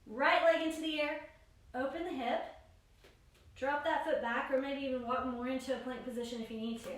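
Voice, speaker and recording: A woman yoga instructor giving steady spoken cues for each pose and breath in a guided class. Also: sits high, a little fast. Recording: very echoey room, voice far from mic.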